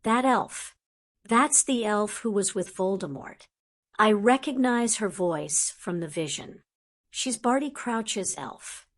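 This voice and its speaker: A woman's voice: medium pitch, lively intonation, takes it slowly. A woman reading an audiobook, voicing an urgent, insistent teenage boy wizard.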